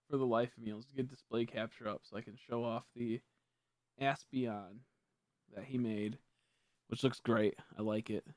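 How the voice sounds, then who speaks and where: Young male streamer, mid-pitch, dry close sound, rambling casual talk with frequent restarts. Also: dry recording. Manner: rambling, self-correcting, easily frustrated. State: hiccups. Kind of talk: casual live-stream chat.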